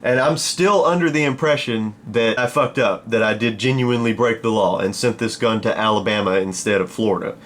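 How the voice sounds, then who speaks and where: A man telling a casual story-time vlog in a profane, animated way. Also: medium pitch, fairly quick, hardly any pauses. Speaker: vlogger.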